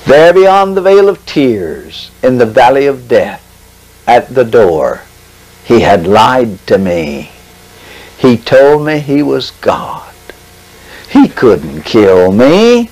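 A man giving a testimony sermon, preaching dramatically with long pauses and slow, stressed phrases. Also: mid-range voice, darkish tone, rough recording.

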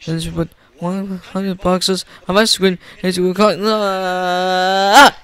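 A man retelling a picture book story aloud in a halting way, repeating words as he goes. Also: sits high, flat delivery, a bit bright.

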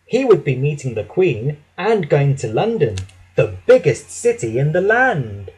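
A man reading a children's picture book aloud in an expressive, lively way. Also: a little high, measured pace, breathy edge, poor audio. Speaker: storybook narrator.

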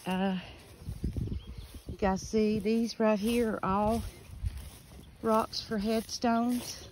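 A cemetery vlogger walks through an outdoor rural cemetery, casually reading names and dates off headstones and sounding slightly out of breath. Her voice is on the high side, fairly even, slow, and a little mellow, over a rough recording with slight background noise, birds, and outdoor ambience.

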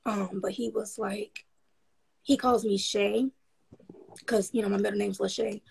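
Gravelly, husky woman. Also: mid-range voice, steady tone, unhurried, rough recording. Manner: frank, rambling with frequent ums, upbeat. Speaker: guest. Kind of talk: casual interview storytelling.

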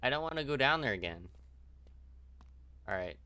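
A man's voice: medium pitch, big pitch swings, normal speed, very noisy. Jumpy young man in game commentary. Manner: jumpy, swearing, talks to himself. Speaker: let's play gamer.

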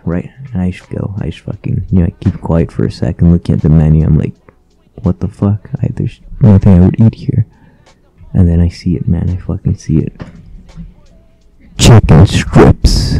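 Tired, gravelly low-voiced young man. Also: warm tone, highs cut off. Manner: profane, slangy, laid-back. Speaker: vlogger. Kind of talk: casual rambling storytelling.

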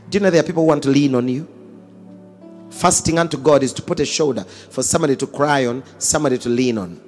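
A man, a pastor, preaching a sermon in a dramatic style, swinging between booming lines and hushed ones and acting out dialogue. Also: expressive, brisk, soft background music.

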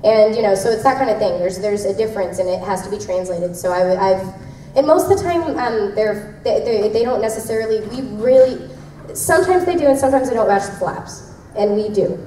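A woman's voice: medium pitch, expressive, a little fast, mellow, recorded from a distance, slight background noise. A young woman voice actress answering fan questions at a convention panel, chatty and laughing often as she tells stories. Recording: echoey hall, mic heard from afar.

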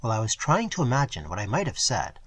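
A man narrating a first-person story for an audiobook in an expressive storytelling manner. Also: medium pitch, fast, slightly rough. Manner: expressive storytelling, varied delivery.

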